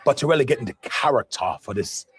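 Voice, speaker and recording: A man's voice: medium pitch, expressive, fast, fairly bright tone, natural voice. A man playing a self-satisfied actor, rambling through interview talk in a comedy sketch. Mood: pleased. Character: man playing a British actor with a posh, earnest, rambling manner.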